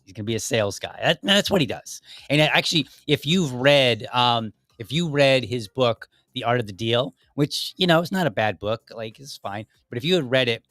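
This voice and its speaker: A man hosting a political podcast in a casual, opinionated way, rambling with frequent restarts, his voice a bit deeper than usual as he is under the weather. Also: animated, normal speed, few pauses, a bit bright, no echo, clean studio sound. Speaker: podcast host.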